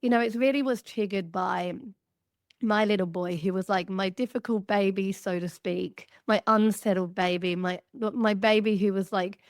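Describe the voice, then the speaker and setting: A woman's voice: medium pitch, fairly even intonation, normal speed, dry recording. Australian woman in her thirties, guest author, chatty with lots of fillers, close dry sound. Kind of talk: podcast conversation.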